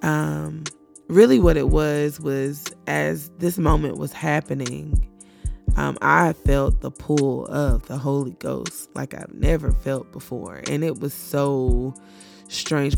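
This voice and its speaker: A woman hosting a personal faith podcast who talks candidly and reflectively, often pausing with fillers. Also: low voice, creaky, darkish tone. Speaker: podcast host.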